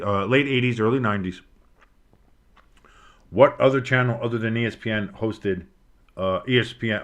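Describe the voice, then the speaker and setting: A man giving casual play-by-play commentary on a game, rambling and swearing between plays and bursting out with excitement on big ones. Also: lowish voice. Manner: rambling, swears, breaks off into nostalgic tangents. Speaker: play-by-play streamer.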